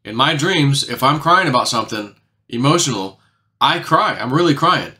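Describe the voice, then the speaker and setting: A man telling a long story in a casual monologue, rambling with lots of filler words and often dropping his voice lower and quieter for emphasis. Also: lively intonation, moderate pace. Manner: rambling, heavy on "you know" fillers, drops quieter for emphasis. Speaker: channel host recounting a dream.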